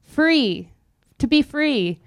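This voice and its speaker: A young woman preaching a sermon in an earnest, conversational way with quick asides. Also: high voice, expressive, no echo.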